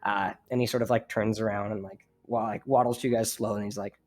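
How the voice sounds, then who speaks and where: A man's voice: on the low side, flat delivery, fast talker, darkish tone. Rambling game master, man. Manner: rambling, casual, many fillers. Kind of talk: narrating a tabletop game.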